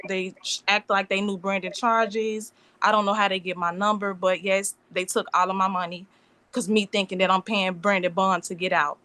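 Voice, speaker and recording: A woman's voice: medium pitch, pushed and bright. A woman in her twenties making an emotional, rambling plea at a court hearing over a remote call. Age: 20s. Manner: emotional, pleading, run-on sentences. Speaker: alleged victim addressing a bond hearing.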